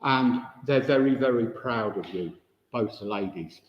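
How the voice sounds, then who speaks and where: A man's voice: medium pitch, measured pace. Chatty man in an echoey hall. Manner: chatty, direct, addresses audience members. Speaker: spiritualist medium. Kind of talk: mediumship demonstration. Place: village hall. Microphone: no microphone, room recording. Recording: echoey hall, dull, no microphone.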